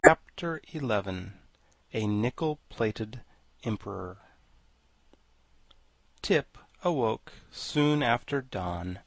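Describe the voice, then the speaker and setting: A man reading a classic children's novel aloud as audiobook narrator, in an even, measured storytelling manner. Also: medium pitch, no echo.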